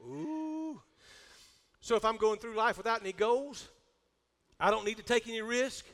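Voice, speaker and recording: A middle-aged pastor preaching a sermon, calling for amens and swelling into shouts. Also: male voice, high voice, steady tone, a little fast. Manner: preacherly, rising to shouts, calls for amen. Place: church sanctuary. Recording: long hall reverb.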